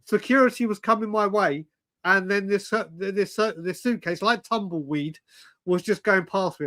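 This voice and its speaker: A man's voice: high voice, normal speed, fairly bright tone. A man, telling stories animatedly on a casual live stream, swearing and saying "mate" constantly. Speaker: co-host.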